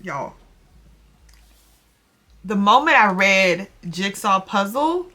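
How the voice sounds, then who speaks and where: A woman's voice: mid-range voice, animated, moderate pace, pushed and bright. A young woman talking to her viewers in a confessional vlog. She is close to tears, restarts and repeats herself, and calls her viewers y'all. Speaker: vlogger.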